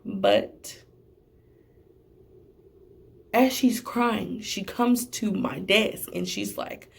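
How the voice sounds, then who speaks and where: A young woman who works at a testing center, telling a storytime vlog in an animated, sassy way with slangy asides. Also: mid-range voice, very slow, gravelly, pauses often.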